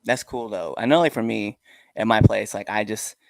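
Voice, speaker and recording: A middle-aged man with a fairly low voice chats on a podcast, recorded dry and close. He tells his stories with energy and slips into the voices of the people he quotes. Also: moderate pace, vocal fry, no room sound. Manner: animated storyteller, acts out quoted voices. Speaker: podcast host. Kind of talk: casual interview chat.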